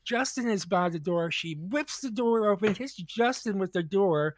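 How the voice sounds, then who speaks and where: A man's voice: high-pitched, lively intonation, moderate pace, dry recording, studio quality. A man on a podcast, telling a rambling, profane story in casual chat, full of restarts.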